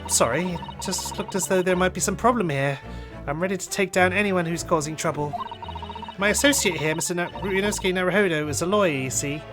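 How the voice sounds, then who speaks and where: A man's voice: high voice, brisk, lightly acted. A man voicing a polite young male law student who speaks formally. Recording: game music behind voice.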